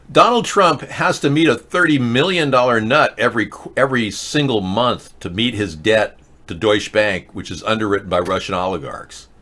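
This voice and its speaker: A man's voice: on the low side, sharp tone. A man hosting a show, ranting sarcastically in casual political commentary. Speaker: host.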